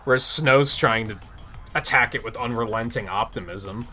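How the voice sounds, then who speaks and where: A man's voice: medium pitch, moderate pace, faint music behind. A man hosting a live game stream, chatting casually and ranting with lots of swearing. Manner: profane, animated ranting. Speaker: livestream host. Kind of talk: casual chat while gaming.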